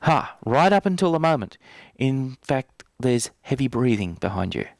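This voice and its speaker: A man's voice: mid-range voice, very animated, moderate pace, gravelly, darkish tone, no echo. Playful man leading a workshop demo. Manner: conversational, playful, teasing. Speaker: NLP trainer. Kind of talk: live workshop demonstration. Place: training room.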